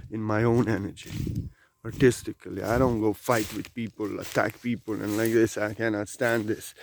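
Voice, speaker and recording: A man giving an unscripted spiritual talk, repeating his points, pressing them loudly and then dropping to quiet musing. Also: medium pitch, a little hiss or hum. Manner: emphatic and repetitive, swinging between loud urging and quiet musing. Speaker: spiritual teacher.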